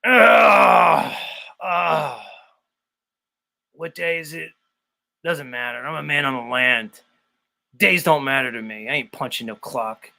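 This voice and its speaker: A man doing a mocking impression of a gruff man groaning as he wakes up and gets out of bed. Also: medium pitch, a little slow, pauses often, bright, forceful tone, full character voice. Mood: groggy. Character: groggy gruff man just waking up.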